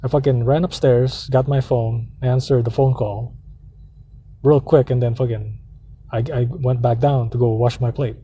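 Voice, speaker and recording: A man's voice: medium pitch, fairly even intonation, moderate pace, mellow, muffled recording, slight background noise. Heated, profane man ranting from a car. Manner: profane, rambling, heated storytelling. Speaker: vlogger. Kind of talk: casual ranting monologue. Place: parked car.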